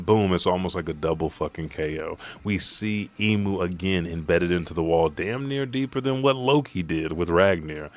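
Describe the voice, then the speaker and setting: A man hosting a casual comic-chapter recap, narrating the action in a loose, profane, energetic play-by-play. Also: low-pitched. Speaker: YouTube manga recap host.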